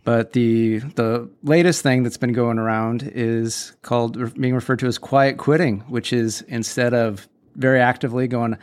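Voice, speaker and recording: A man's voice: medium pitch, fairly even intonation, normal speed, a little mellow, smooth. A man in his forties hosting a casual solo podcast, speaking candidly and bluntly with firm opinions. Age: 40s. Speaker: podcast host.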